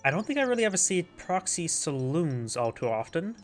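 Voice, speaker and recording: A man's voice: a little high, very animated, a little fast, faint music behind. A man with a stuffy, congested nose giving casual live commentary on a strategy game, thinking aloud and correcting himself as he goes. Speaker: game caster.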